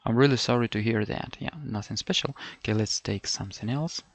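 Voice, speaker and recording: Middle-aged guy from ukraine coaching test prep, gravelly voice, dry close sound, keeps repeating himself. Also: medium pitch, a little fast, dry recording. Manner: rambling, repeats words, many fillers and self-corrections. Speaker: language test tutor. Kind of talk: thinking-aloud lesson over a screen.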